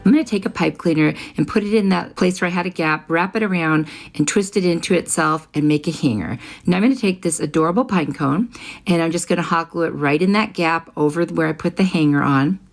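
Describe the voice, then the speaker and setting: A woman's voice: on the low side, a little fast, gravelly. A middle-aged woman hosting a craft channel, explaining each step of a project in a friendly voice-over.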